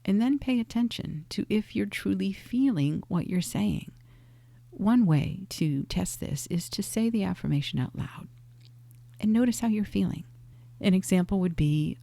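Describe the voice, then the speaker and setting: A woman life coach giving calm teaching advice in a soft, breathy, half-whispered delivery. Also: medium pitch, measured pace, dry recording. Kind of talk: soft-spoken teaching monologue.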